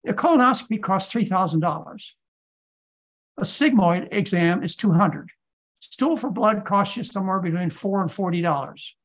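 A man's voice: high-pitched, lively intonation, moderate pace, a bit bright. A man who is a physician, giving lecture-style answers in a podcast Q&A and pressing his points with insistent rhetorical questions. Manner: emphatic, hammering rhetorical questions.

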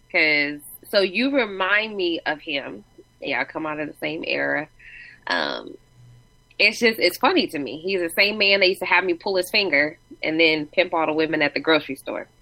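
A woman's voice: deep voice, normal speed, gravelly, no room sound, low-quality recording. A woman in casual chat, telling funny family stories and acting out quotes with lots of laughter. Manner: animated storyteller, acts out quotes, laughs often.

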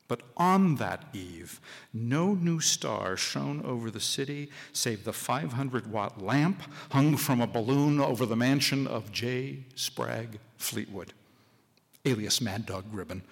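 A man giving a live stage reading of a short story, expressive and dry, in a large public hall. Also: mid-range voice, gravelly, breathy edge. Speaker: story reader. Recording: live hall, long reverb.

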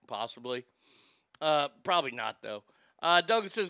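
A man's voice: sits high, moderate pace, sharp tone, clear, resonant tone, no echo, studio quality. A man hosting a podcast, reading out listener messages and telling a story in a loose, profane, laughing way. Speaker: podcast host. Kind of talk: casual storytelling chat.

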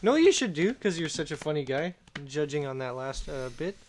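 A male co-host riffs in crude, profane banter on a casual comedy podcast. His voice sits slightly high. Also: big pitch swings, fairly quick, a little hiss or hum.

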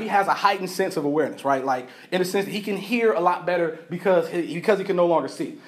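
High-voiced male pastor, casual storyteller. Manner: casual storytelling, acts out characters, laughs often. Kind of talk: sermon. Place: church.

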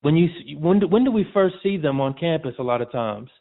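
A man's voice: on the high side, animated, brisk, vocal fry. A man as a podcast guest, chatting casually with frequent restarts and calling the host "man". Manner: casual, repeats and restarts, says "man" often. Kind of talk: casual interview chat. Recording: tinny phone-like audio.

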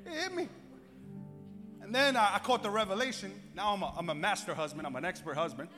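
High bright-voiced preacher. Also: male voice, lively intonation, a little fast. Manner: humorous storytelling, building to emphatic shouts. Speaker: pastor. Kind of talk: sermon. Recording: echoey hall, faint music.

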